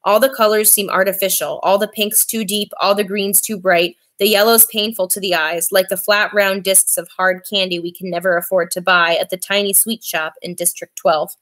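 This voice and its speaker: A woman reading a novel aloud in a steady, clear voice. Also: medium pitch, moderate pace, hardly any pauses. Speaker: reader.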